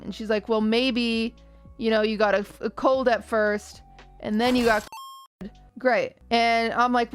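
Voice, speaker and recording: A young woman streamer chatting casually with her viewers and acting out what people said. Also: a little high. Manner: animated storytelling, acting out other people's lines.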